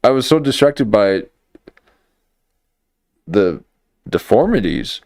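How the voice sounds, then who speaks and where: A man's voice: lowish voice, big pitch swings, takes it slowly, darkish tone, no echo, studio quality. A man commenting over clips on a livestream, with mocking, incredulous asides.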